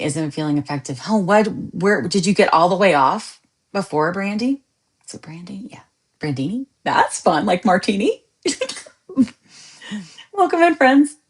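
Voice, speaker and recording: A woman's voice: on the low side, husky. A woman podcast host chatting casually with viewers on a live stream, joking and laughing often. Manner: animated, laughs often, jokey asides.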